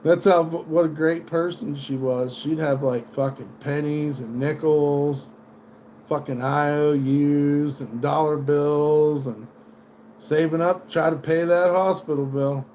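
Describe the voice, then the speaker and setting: A man's voice: fairly high pitch, steady tone, slow, darkish tone, a little hiss or hum. A man from the United States ranting casually on a livestream, swearing often and drifting between sardonic tangents. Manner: profane, rambling, sardonic. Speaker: livestream host. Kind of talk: rambling livestream rant.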